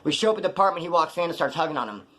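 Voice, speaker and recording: A man telling a story in a casual monologue, streetwise and profane, animated as he talks. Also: on the high side, very fast.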